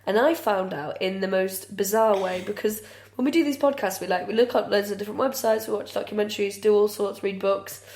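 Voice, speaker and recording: A woman's voice: medium pitch, a little fast, few pauses, darkish tone. A woman co-hosting a comedy podcast, chatting frankly and drily with plenty of swearing. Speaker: podcast co-host. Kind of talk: casual comedic chat. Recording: roomy echo.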